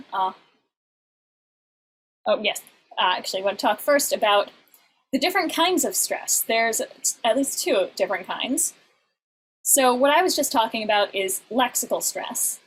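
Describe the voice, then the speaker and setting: A woman's voice: on the high side, lively intonation, normal speed, pauses often, a little hiss or hum, rough recording. A woman teaching a lesson on song lyrics over an online class, explaining patiently with many fillers and restarts.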